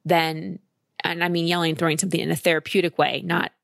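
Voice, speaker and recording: A woman's voice: fairly low pitch, flat delivery, fast talker, vocal fry, fairly bright tone, no room sound, clean studio sound. A woman giving a caller direct, emphatic emotional coaching in a conversation. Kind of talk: advice conversation.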